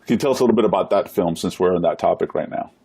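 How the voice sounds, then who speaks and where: Deep husky guy hosting a live stream, upbeat, asks his guest questions. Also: racing, warm tone. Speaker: live show host. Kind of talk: casual live-stream interview.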